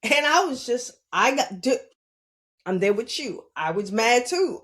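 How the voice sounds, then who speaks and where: A woman with a New York accent, hosting a podcast and telling her own story in a casual, animated way, laughing often and speaking bluntly. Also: fairly high pitch, unhurried. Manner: blunt and salty. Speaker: podcast host. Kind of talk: casual spiritual monologue.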